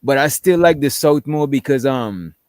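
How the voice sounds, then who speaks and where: A man's voice: mid-range voice, expressive, moderate pace, a little mellow. A man from Guyana co-hosting a podcast, telling stories in a laid-back, slangy, rambling way. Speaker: podcast co-host. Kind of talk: casual chat.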